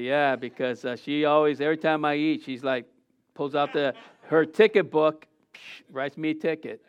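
A man's voice: fairly high pitch, clear, resonant tone, muffled recording. A middle-aged man preaching a casual Easter sermon as pastor, rambling with many fillers and restarts, and his voice swells on quoted lines.

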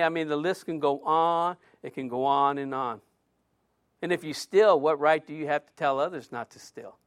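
A man's voice: a little high, fairly bright tone, clean tone. A middle-aged male preacher giving a conversational sermon, full of rhetorical questions and joking asides.

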